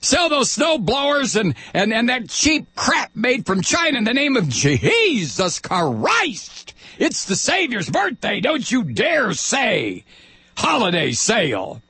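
A man mimicking a shrill, indignant churchgoer who demands respect for a holiday, in a raised, husky voice. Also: huge pitch swings, slow, pushed and bright, no room sound, full character voice.

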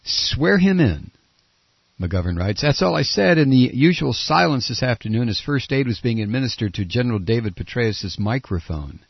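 A man's voice: mid-range voice, lively intonation, moderate pace, vocal fry, slightly rough, no echo. A man hosting a political talk radio show, ranting sarcastically and reading news clips aloud, on a dull lo-fi broadcast. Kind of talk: opinionated talk radio monologue.

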